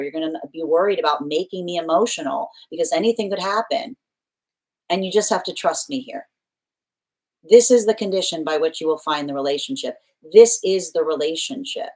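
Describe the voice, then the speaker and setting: Low-voiced woman doing a tarot reading, earnest, keeps explaining and repeating herself. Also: poor audio. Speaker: tarot reader. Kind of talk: live tarot reading, talking to a client.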